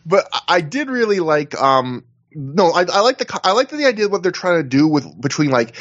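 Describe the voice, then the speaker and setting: A man's voice: fairly high pitch, fairly quick, lo-fi sound. A man co-hosting a casual wrestling podcast over a video call, recapping at length and acting out what others said. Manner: rambling, animated recaps with acted-out quotes. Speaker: podcast co-host.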